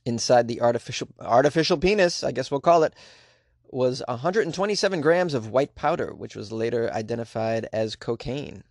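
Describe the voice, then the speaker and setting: A man's voice: medium pitch, animated, a little fast, vocal fry, dry recording, clean studio sound. A man hosting a comedic weird-news podcast, reading stories and riffing on them sarcastically. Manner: sarcastic, jokey, puts on silly voices. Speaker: podcast host.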